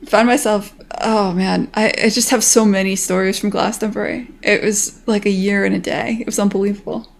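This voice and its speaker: A rambling, chatty American woman in her thirties, talking casually on a livestream. Her voice carries a gravelly, fried edge at a middling pitch, and she swears freely as she talks. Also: fairly even intonation, normal speed, hardly any pauses. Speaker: game developer streamer. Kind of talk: casual stream chat.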